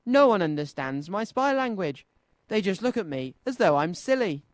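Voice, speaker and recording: A man's voice: high-pitched, sing-song, normal speed, no echo, voice pushed up. A man voicing an eager little girl who plays at being a spy, in a children's radio story. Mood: sulky.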